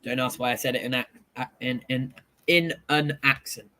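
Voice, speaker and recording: A man hosting a casual football show, excitably reading out live scores and swearing at decisions. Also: medium pitch, normal speed.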